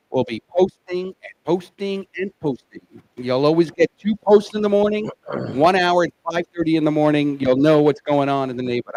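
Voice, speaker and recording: A man's voice: a little high, darkish tone, no room sound, poor audio. A man co-hosting a casual local show, chatting in an upbeat way and running through sports listings. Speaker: co-host. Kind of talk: casual chat.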